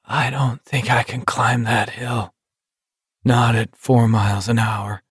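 Male narrator as an exhausted teen boy, quiet monotone, soft and dry. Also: medium pitch, slow, breathy edge, no room sound. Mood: despairing. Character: worn-out, frightened teenage boy walker.

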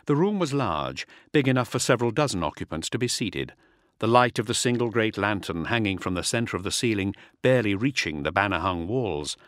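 A man narrating an audiobook in a dramatic, measured reading. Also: fairly low pitch, animated, fairly bright tone, no echo, clean studio sound. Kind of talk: scripted narration.

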